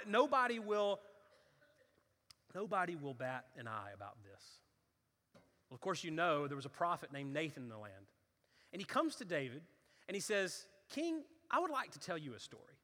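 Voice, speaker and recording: Fervent high-voiced preacher, echoing hall. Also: male voice, moderate pace, long pauses. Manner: animated storytelling, acts out voices, builds to fervent intensity. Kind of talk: sermon. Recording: reverberant hall.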